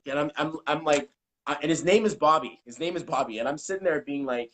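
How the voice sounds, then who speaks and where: A man speaking as a numerology coach in a casual live-stream interview, talking in an animated way, cursing and acting out what people said. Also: a little high, fast, low-quality recording. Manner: animated, swears, acts out quotes. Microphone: video call.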